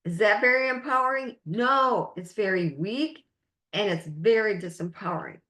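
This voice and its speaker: A woman life coach leading a webinar masterclass, speaking in slow, emphatic, drawn-out phrases. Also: mid-range voice, sharp tone, reverberant.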